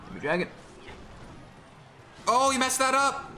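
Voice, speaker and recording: A young man giving excitable, jokey running commentary on his own gameplay, talking to himself as he plays. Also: extremely high pitch, measured pace, long pauses, slight background noise. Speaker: gaming creator.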